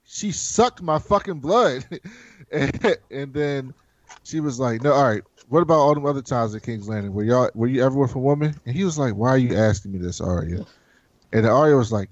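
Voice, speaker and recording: A man hosting a casual chat, recapping a show in a profane, animated way and acting out the characters' lines. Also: mid-range voice, normal speed, dry recording, dull audio. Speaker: podcast host.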